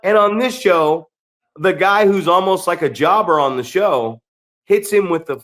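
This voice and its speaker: A man hosting a casual podcast chat, telling wrestling coaching stories in an animated, profane way. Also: on the high side.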